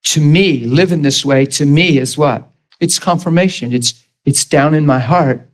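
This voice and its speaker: A man's voice: on the high side, measured pace. A man preaching an informal sermon to a Bible school class, earnest and emphatic, laughing often and asking the room questions. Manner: laughs often, jokes with the class, acts out quoted voices.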